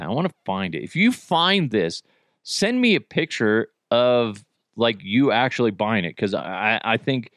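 A man's voice: medium pitch, fairly bright tone, dry recording, studio quality. A man in his thirties hosting a podcast in a goofy, jokey chat style, laughing often. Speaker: podcast host. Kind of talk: casual chat.

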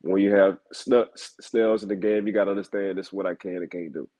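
A man's voice: deep voice, fairly even intonation, fairly quick, dark tone, rough recording. A man co-hosting a football talk show, telling stories and repeating names for emphasis in casual chat. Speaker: football analyst co-host.

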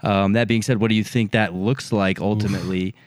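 Low-voiced man, dry measured talk. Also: fairly even intonation, dry recording. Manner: measured, pauses to search for words. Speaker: sports podcast co-host. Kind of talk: casual chat.

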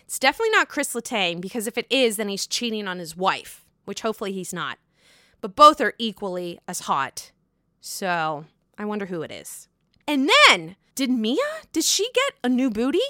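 A woman's voice: mid-range voice, sing-song, moderate pace, pushed and bright, no echo, clean studio sound. Gushing, profane woman. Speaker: podcast host. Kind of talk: casual reality-TV recap.

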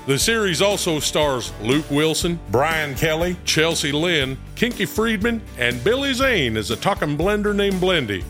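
A man's voice: fairly high pitch, very animated, unhurried, few pauses. A man doing a folksy drawling country singer. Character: folksy country music pioneer Uncle Drank, adult man. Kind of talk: scripted podcast ad. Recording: with loud music behind.

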